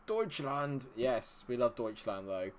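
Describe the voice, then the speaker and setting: A young man giving casual, rambling commentary while he plays a football management game, with excitable bursts. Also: medium pitch, normal speed, a little hiss or hum. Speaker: gaming video host.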